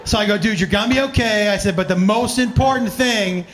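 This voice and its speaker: A male comedian telling profane stories at a live Q&A, animated and laughing often. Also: high-pitched, quick pace, hardly any pauses, a faint crowd, slight background noise. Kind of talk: storytelling in a live Q&A.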